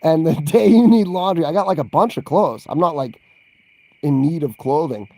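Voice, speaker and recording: Man, gravelly voice, slightly high pitch, rambling casual livestream chat, laughs a lot. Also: normal speed, warm tone, no room sound. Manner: rambling and chatty, laughs often, reacts to live chat. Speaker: vlogger answering viewer questions.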